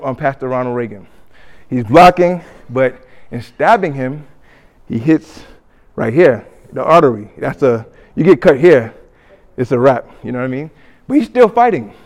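Animated man preaching a sermon. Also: on the high side. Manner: animated, acts out quoted voices, swings from loud to hushed. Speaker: pastor. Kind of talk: sermon storytelling.

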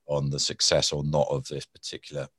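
A man's voice: rumbling low, a little fast, breathy edge, dry recording, clean studio sound. A man talking about negotiation in a conversational interview, often acting out angry people and restarting his words. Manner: animated storytelling, acts out angry people. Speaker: guest, former hostage negotiator.

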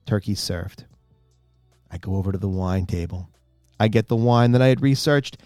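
A man telling a long personal story in casual chat, animated and exasperated, growing indignant as he goes. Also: lowish voice, normal speed, no echo, soft background music. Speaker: guest storyteller.

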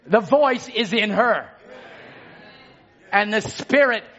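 High-voiced man preaching slowly. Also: expressive, slightly rough, highs cut off. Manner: emphatic, swings from hushed to shouting; repeats phrases for emphasis. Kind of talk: sermon.

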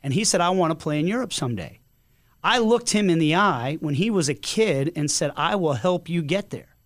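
Guy hosting a podcast, bit high voice, chatty stories. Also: animated, moderate pace. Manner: conversational anecdotes, some repeated words. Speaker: podcast host. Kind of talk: casual podcast chat.

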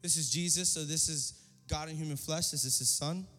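Man preaching, higher voice, energetic, call-and-response, long hall reverb, faint music behind. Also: fairly quick. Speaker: pastor. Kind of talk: sermon. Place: church service.

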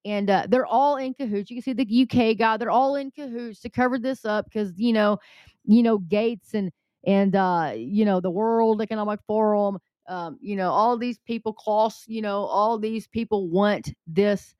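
A woman's voice: medium pitch, normal speed, darkish tone, clean tone, dry recording. A woman preaching urgently to her viewers in a casual, rambling way, full of fillers, often calling them folks and guys. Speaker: Christian vlogger. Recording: dry, dull lo-fi home recording.

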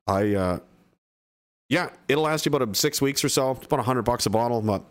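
A man's voice: medium pitch, fairly quick. Rambling, cursing man chatting on a livestream. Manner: rambling and profane, with many fillers and restarts. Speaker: livestream host reading chat. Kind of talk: casual livestream chat.

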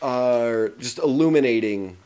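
A man's voice: mid-range voice, unhurried, dark tone, clean tone. A man talks through a film in casual podcast chat, his voice in the middle range for a man. He swears freely and stops often on ums and uhs while he hunts for words. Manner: profane, hesitant with fillers. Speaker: podcast co-host. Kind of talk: casual movie review chat.

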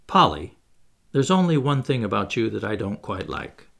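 A man reading aloud, voicing a proud, restrained former butler who speaks gravely and searches his own feelings. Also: lowish voice, very animated, fairly bright tone, exaggerated voice. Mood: earnest. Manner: grave, measured, self-searching.

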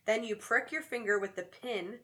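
A woman's voice: fairly high pitch, moderate pace, a bit bright. A woman co-hosting a podcast, chatting casually and joking as she walks through a spooky game step by step. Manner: chatty and joking, explains steps at length. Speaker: podcast co-host. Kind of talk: casual chat.

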